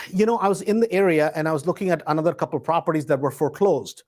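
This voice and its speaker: A man's voice: a little high, fast. Conversational man teaching, constant "right?". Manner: conversational, peppers points with a tag question "right?"; acts out door-knocking scripts in a hesitant, searching tone. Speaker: real estate investor teaching. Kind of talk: live instructional talk.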